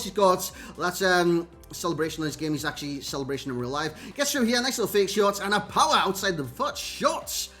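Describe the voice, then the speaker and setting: A Geordie gaming YouTuber from North East England offers chatty, casual commentary over gameplay clips, calling his viewers "lads" and "mate." His voice sits high and sounds fairly bright.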